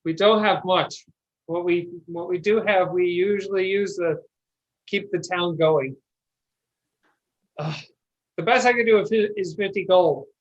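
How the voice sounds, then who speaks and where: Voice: mid-range voice, a little slow, pauses often, lightly acted. A game master voicing a humble, earnest middle-aged village mayor who speaks hesitantly and politely. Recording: dull lo-fi audio.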